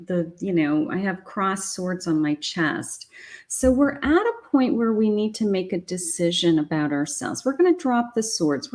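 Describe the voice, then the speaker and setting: A woman's voice: a little high, dark tone. Chatty encouraging woman reading tarot. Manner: chatty, encouraging, talks straight to the viewer. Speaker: psychic tarot reader.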